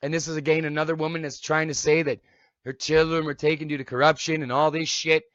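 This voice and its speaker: A man rants on a live stream in a high voice, cursing and firing off accusations. His tone is sharp and strained. The dry sound comes through a dull, lo-fi mic. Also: little pitch movement, quick pace, no echo. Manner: heated, accusatory, repeats "okay?". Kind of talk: angry profane rant.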